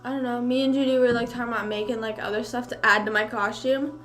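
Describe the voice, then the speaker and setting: A woman's voice: a little high, level tone, quick pace, a bit bright. A young woman streamer in casual mukbang chat, rambling with lots of fillers and talking while she chews.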